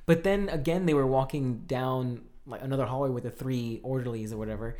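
Male podcast co-host, laughs a lot, rambling run-on talk, mid pitch. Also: a little fast, darkish tone. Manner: laughs often, talks in loose run-on sentences. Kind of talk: casual movie review chat.

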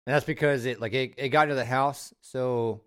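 A man's voice: medium pitch, steady tone, brisk, fairly bright tone, clear, resonant tone. A man from Texas co-hosting a podcast in casual chat, joking, swearing easily and laughing often. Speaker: podcast co-host.

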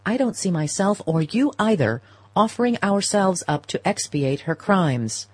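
Brief: woman reading an impatient young society man, low husky tone, dry sound. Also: expressive, normal speed, a little mellow, no room sound. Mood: exasperated. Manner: impatient, arguing. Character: exasperated young gentleman, her grown son. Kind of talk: audiobook character reading.

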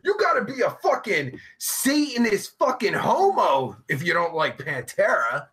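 A man with a New Jersey accent hosting a casual live-stream chat, crude and profane, joking with loud outbursts. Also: sits high, sing-song, a little slow. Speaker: live show host.

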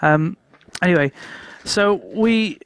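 A man co-hosting a podcast, telling animated travel stories in casual chat and laughing often. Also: high-pitched, slow pace, clean tone. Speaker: podcast co-host.

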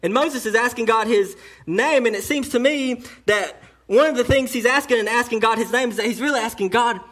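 A man with a notably high speaking voice preaches a church sermon. He drops to near-whispers and climbs to strong emphasis, restarting phrases as he drives each point home. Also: a little fast. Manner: emphatic preaching that swings from hushed to loud. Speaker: pastor.

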